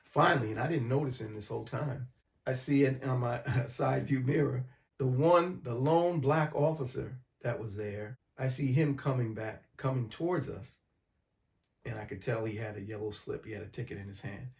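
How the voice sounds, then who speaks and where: A man from mid-state New York, calmly recounting a personal story in a documentary interview. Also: medium pitch, normal speed, gravelly.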